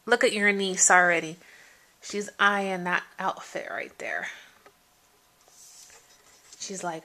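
A woman vlogger chatting casually through an unboxing, gushing, her voice jumping high when something delights her. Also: fairly even intonation, slow pace, long pauses, sharp tone. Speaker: vlogger showing a gift package.

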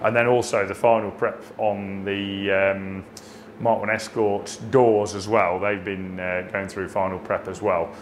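A steady man gives a casual update on body prep in a flat, low voice, pausing and restarting as he goes. A faint workshop hum sits behind him. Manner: steady and hesitant, many fillers and restarts. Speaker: body shop lead.

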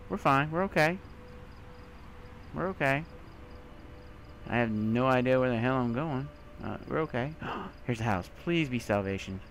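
A young man giving let's play commentary, talking to himself and breaking into panicked shouts, over faint game music. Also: medium pitch, slight background noise. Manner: jumpy, talks to himself, bursts into panicked shouts. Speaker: gaming video creator.

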